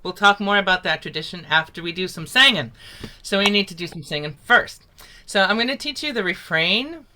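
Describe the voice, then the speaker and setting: A woman's voice: on the low side, lively intonation, a little fast, sharp tone, slight background noise. A woman teaching a folk song over a video call, upbeat and encouraging, laughing easily.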